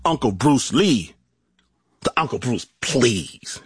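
Animated slow-paced male storyteller. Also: mid-range voice, breathy edge, dry recording, studio quality. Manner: animated, acts out voices and shouts. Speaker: podcast host and storyteller. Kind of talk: dramatic storytelling. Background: music.

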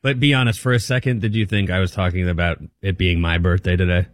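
A man's voice: low-pitched, steady tone, fast talker, no room sound, clean studio sound. A man co-hosting a sports radio show, joking around in casual banter. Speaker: radio co-host.

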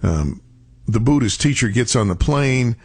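A man giving a reflective motivational talk, telling stories and slowing down on key words for emphasis. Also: medium pitch, lively intonation, slightly rough. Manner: storytelling, acts out quoted voices, slows for emphasis.

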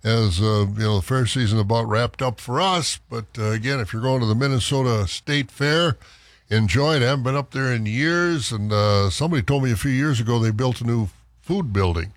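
A man's voice: medium pitch, fairly quick, no echo. A man hosting a farm radio show, chatting casually and folksily with frequent fillers. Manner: folksy, relaxed, uses many "uh" fillers.

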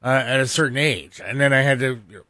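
A man's voice: mid-range voice, fast talker, no room sound. Emphatic male talk show co-host. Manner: emphatic, states opinions flatly. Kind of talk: casual talk show chat.

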